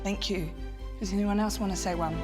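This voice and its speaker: A woman's voice: brisk, music in the background. A woman, acting out an evasive, flustered minister in a comedy sketch. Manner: evasive, flustered, lively swings in pitch. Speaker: comedian playing a government minister.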